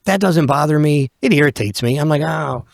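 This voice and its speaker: A man's voice: fairly high pitch, expressive, brisk, dry recording, clean studio sound. A man in his fifties, a podcast guest, telling a story bluntly and candidly, swearing freely and acting out what people said. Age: 50s.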